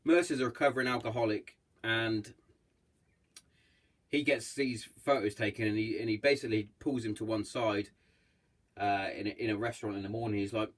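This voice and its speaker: A man's voice: lowish voice, fairly even intonation. A man hosting his own podcast, chatting casually in a blunt, heavily sweary way and acting out bits of what others said. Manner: acts out others' lines in quick voices. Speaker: podcast host. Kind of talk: casual solo podcast chat.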